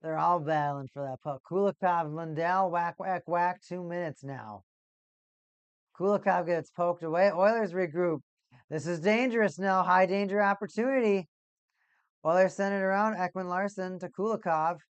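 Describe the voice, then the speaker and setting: Chill streamer doing hockey play-by-play, super clear voice, mid pitch, gets hyped and shouty when stuff happens. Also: normal speed, dry recording, dull audio. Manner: excitable, rises to shouts at big plays. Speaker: watch party streamer. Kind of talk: casual play-by-play commentary.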